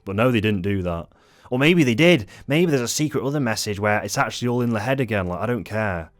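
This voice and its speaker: A man's voice: lowish voice, lively intonation, fast talker. A man angrily ranting through an unscripted film review, swearing often and rambling. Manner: angry, profane, rambling. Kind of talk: unscripted rant-style review.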